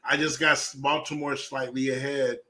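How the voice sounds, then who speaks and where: Bright-voiced man ranking defenses. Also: mid-range voice, flat delivery, moderate pace. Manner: short agreeing interjections, plain. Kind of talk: casual sports chat.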